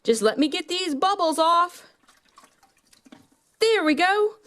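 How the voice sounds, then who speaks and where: A woman's voice: extremely high pitch, lively intonation, takes it slowly, a bit bright, full character voice. A woman voicing a brave, friendly young male dinosaur truck in a toy play video. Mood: eager.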